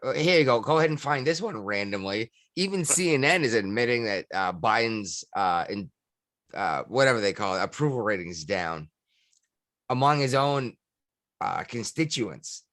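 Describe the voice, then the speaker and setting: A man co-hosting a podcast in loose, joking banter, often breaking into laughter. His pitch swings widely and his voice is bright and forward. The sound is dry and close. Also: lively intonation, moderate pace, no echo. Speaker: podcast co-host. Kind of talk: casual banter.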